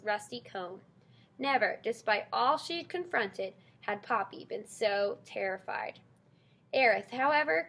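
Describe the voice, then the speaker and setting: A woman reading a children's novel aloud with expressive storytelling. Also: on the high side. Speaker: audiobook narrator. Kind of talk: scripted narration.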